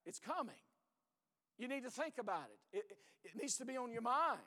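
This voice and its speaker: A middle-aged man preaching a sermon as pastor, earnest and hoarse, often sinking to a low, intense voice and repeating his words. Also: sing-song, moderate pace, pushed and bright, in a large hall.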